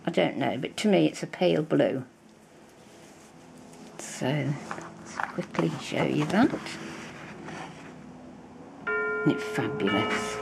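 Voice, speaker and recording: A woman's voice: deep voice, animated, takes it slowly, gravelly, pauses often, noisy background. An older woman with a British accent, chatting effusively and rambling as she shows off craft supplies in a casual vlog. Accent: British English. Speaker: crafting vlogger. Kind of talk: casual show-and-tell chat.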